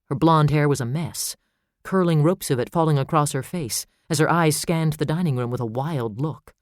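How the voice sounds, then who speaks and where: A man narrating a suspense novel in steady, measured storytelling. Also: a little high, no echo, studio quality. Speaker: audiobook narrator. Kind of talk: scripted narration.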